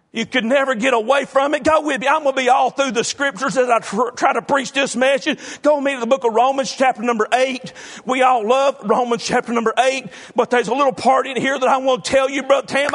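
A man in his fifties preaching a fervent sermon, calling out congregation members by name and swinging from soft reflection to shouting. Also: extremely high pitch, normal speed.

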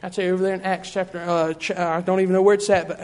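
A man's voice: sits high, little pitch movement, rapid-fire, darkish tone, big-room sound. A man preaching a sermon in a church, fervent and repetitive in his cadence.

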